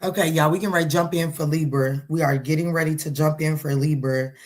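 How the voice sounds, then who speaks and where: A woman's voice: low voice, fairly even intonation, fairly quick, darkish tone. Playful, chatty middle-aged woman. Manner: chatty and playful, laughs often, talks back to the chat. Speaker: tarot reader. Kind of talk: casual livestream chat.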